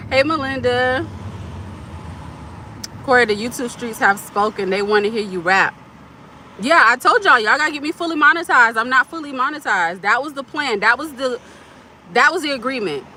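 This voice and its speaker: Bright-voiced woman chatting on a live stream. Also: on the high side, fairly quick, a little hiss or hum. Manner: chatty, reads and answers comments. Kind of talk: casual live-stream chat. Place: parked car at a curbside pickup.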